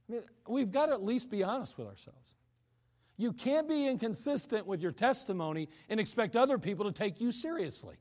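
A man's voice: high-pitched, darkish tone, big-room sound. A man preaching a sermon in a conversational way, acting out the voices of people he quotes. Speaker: pastor.

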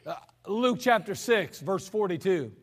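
Man, pastor, earnest sermon with jokes, high-pitched, long church reverb. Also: animated, measured pace, husky. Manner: earnest, conversational preaching with humorous asides. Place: church sanctuary. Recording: archived church service with long hall reverb.

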